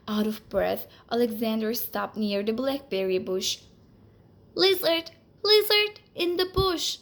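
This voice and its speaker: A woman reading a children's picture book aloud in a slow, expressive storytelling manner. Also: medium pitch, creaky.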